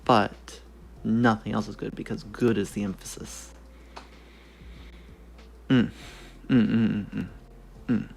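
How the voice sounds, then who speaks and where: Slow, gravelly man on a study stream. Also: lowish voice, level tone, a little hiss or hum. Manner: muttering, self-correcting, swears casually. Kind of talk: casual study stream, thinking aloud.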